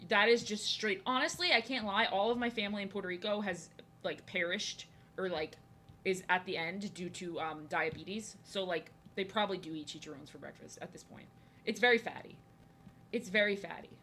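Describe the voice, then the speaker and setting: Bright-voiced chatty young woman. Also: mid-range voice, normal speed, a little hiss or hum. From New Jersey. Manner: chatty, rambling, repeats herself. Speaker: art streamer. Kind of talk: casual chat while drawing.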